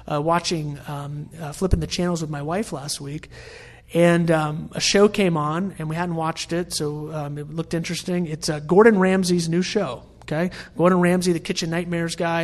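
A middle-aged man preaching a sermon in a conversational, storytelling way. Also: sits high. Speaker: pastor.

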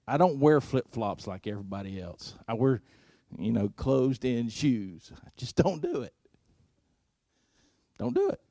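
A man preaching a storytelling sermon, earnest, moving between loud emphasis and hushed, intimate passages. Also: mid-range voice, animated, normal speed, hardly any pauses, no room sound, clean studio sound.

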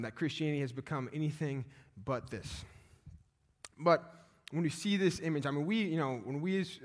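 A male pastor, preaching a sermon in a conversational way, with fillers and restarts. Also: a little high. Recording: long reverb of a church hall.

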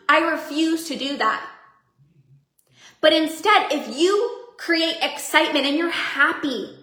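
A woman coach and podcast host giving an energetic, upbeat motivational talk to her members, often laughing. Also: sits high, echoey room.

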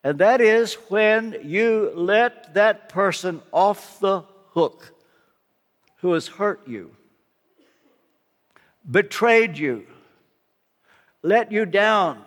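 Slow, high-voiced older preacher. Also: male voice, a bit bright. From United States. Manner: earnest personal testimony, slow and emphatic. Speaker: guest preacher. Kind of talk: sermon. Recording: long hall reverb.

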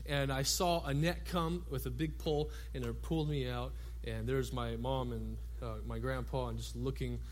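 A man's voice: medium pitch, steady tone, normal speed, few pauses, darkish tone. A man who is a youth and young adult pastor, preaching a sermon in a church in a loose, conversational storytelling way with frequent filler words.

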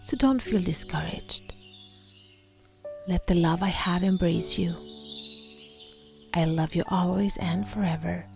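A woman voicing Jesus as a gentle, loving male figure who speaks to the listener in a soft, slow, partly whispered way during a guided meditation. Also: fairly low pitch, gravelly, faint music behind. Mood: tender.

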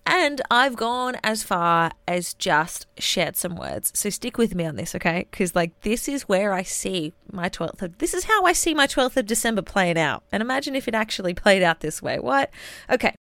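A woman's voice: medium pitch, big pitch swings, moderate pace, few pauses, fairly bright tone, dry recording. Bubbly woman podcaster. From Australia. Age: late 20s. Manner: bubbly, gushing, chatty. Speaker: podcast host. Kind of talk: casual solo podcast talk with journal reading.

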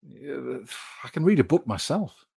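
A man's voice: mid-range voice, very animated, a little slow, gravelly, mellow, slightly rough. A British man hosting a live stream, chatting frankly and reading out viewer comments with plenty of fillers. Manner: frank, conversational, many fillers. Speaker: host.

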